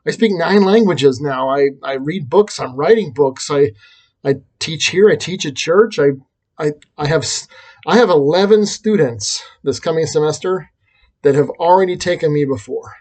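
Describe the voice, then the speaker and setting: A man's voice: a little high, normal speed, darkish tone. A man talking through a reflective personal vlog, rambling and self-deprecating, with frequent restarts. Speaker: vlogger and teacher.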